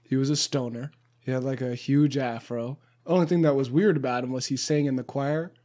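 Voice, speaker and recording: A young man from Pasadena in casual conversation, telling a story in a relaxed way with many filler words. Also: medium pitch, brisk. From Pasadena, California. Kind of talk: casual chat.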